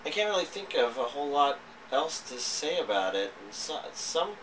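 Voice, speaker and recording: A man's voice: on the high side, very animated, normal speed, a bit bright, distant mic, a little hiss or hum, rough recording. Rambling man, a bit off-mic. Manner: rambling, hesitant, many fillers and restarts. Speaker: anime reviewer. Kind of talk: casual spoken review.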